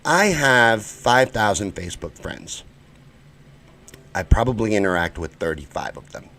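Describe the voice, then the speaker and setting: A man's voice: lowish voice, very animated, measured pace. Heated, swearing American man ranting live. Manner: heated, profane, swings between shouting and muttering. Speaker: show host. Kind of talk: live-stream rant.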